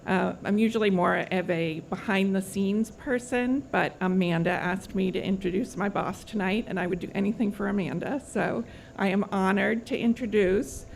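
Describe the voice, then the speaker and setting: A woman's voice: mid-range voice, moderate pace, gravelly, few pauses, slight background noise, poor audio. A woman working as a county programs coordinator, giving a businesslike, informative introduction at a public event. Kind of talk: formal introduction speech.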